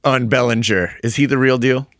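A man co-hosting a casual sports podcast, teasing the others and quick to challenge them. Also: medium pitch, fairly even intonation, a bit bright, no echo, clean studio sound. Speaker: podcast co-host.

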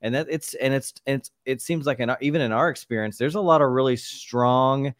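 A man's voice: medium pitch, a little fast, dry recording, clean studio sound. A man co-hosting a podcast, musing in a thoughtful, searching way during casual chat. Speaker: podcast co-host.

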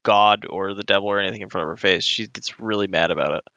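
A man with a bright, crisp voice, talking hesitantly about a campaign he wrote, with many fillers and restarts. He sits close to the mic in a dry, dead room. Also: sits low, quick pace, dry recording. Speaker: campaign author and game master. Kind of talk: casual discussion.

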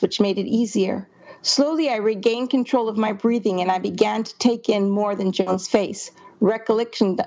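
A woman's voice: a little high, creaky, a little mellow, dull audio. A woman editor reading passages of a manuscript aloud and explaining her edits. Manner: explanatory, reads passages aloud then comments. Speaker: book editor. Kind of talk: manuscript critique walkthrough.

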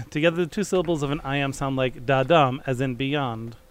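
A man's voice: mid-range voice, fairly even intonation, a little fast, clear, resonant tone, no room sound. A man co-hosting a podcast who chats casually and reads old-style verse aloud with theatrical flair. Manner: theatrical when reading aloud, chatty otherwise. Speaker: podcast co-host. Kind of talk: casual chat with dramatic verse reading. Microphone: studio microphone.

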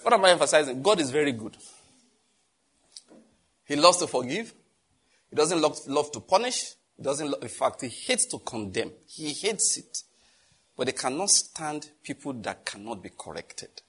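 A man's voice: medium pitch, fairly quick, long pauses, slightly rough. A middle-aged man preaching a sermon, telling stories and acting out the people in them. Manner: animated storytelling, acts out quoted exchanges. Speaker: pastor.

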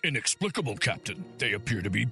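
A man voicing a gruff alien warrior officer in a comedy radio promo, reporting slowly and gravely. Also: on the low side, big pitch swings, sharp tone, soft background music, full character voice.

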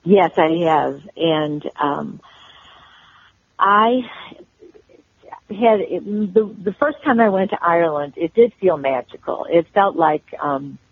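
An older woman from Chicago, a guest telling personal stories in an interview, with halting restarts. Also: sits low, expressive, husky, dry recording. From Chicago, USA. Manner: warm storyteller, halting restarts. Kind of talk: storytelling interview. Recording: tinny phone-line audio.

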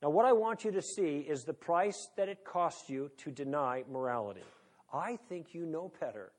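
High-voiced man giving a lecture. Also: expressive, normal speed. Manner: conversational, humorous, rhetorical questions. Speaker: speaker on moral philosophy. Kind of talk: lecture to an audience.

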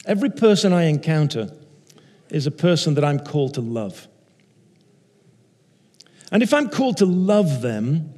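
A man with a fairly high voice preaches unhurriedly, leaning on repeated phrases to drive his points home. His voice rings with a long hall reverb. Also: darkish tone. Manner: measured, repeats phrases for emphasis. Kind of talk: sermon.

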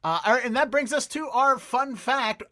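A man's voice: extremely high pitch, lively intonation, moderate pace, bright, forceful tone, no echo, clean studio sound. A man with a Boston accent hosting a casual comedy podcast. He rambles and stumbles over words. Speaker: podcast host.

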